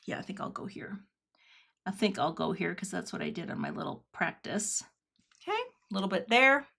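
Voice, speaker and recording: Bright, unhurried woman crafting live. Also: medium pitch. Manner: chatty, thinks aloud while working; reads and thanks live chat. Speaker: craft livestream host.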